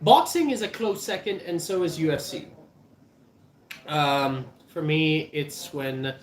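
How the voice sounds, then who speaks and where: A young South African man in his twenties, whose voice is a little high, takes his time as he vlogs casually to camera. His talk is rambling and jokey with lots of restarts, and the room sounds echoey.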